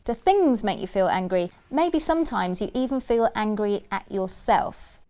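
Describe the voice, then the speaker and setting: A woman delivers a scripted children's church lesson. She talks gently and keeps asking the listener questions. She repeats short phrases in a steady rhythm, with a voice of ordinary pitch. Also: moderate pace. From United Kingdom. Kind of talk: scripted kids' talk.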